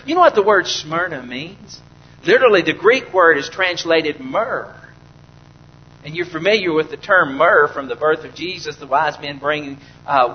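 A man with a notably high voice preaches to his congregation, asking questions and swelling into impassioned outbursts. The recording sounds muffled and lo-fi. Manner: preaching with rising fervor, rhetorical questions to the congregation. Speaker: pastor. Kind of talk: sermon.

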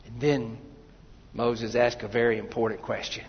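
A man preaching a sermon as pastor, moving from quiet, low stretches to loud, impassioned passages, with a gravelly, husky voice. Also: flat delivery, moderate pace, long reverb tail, lo-fi sound.

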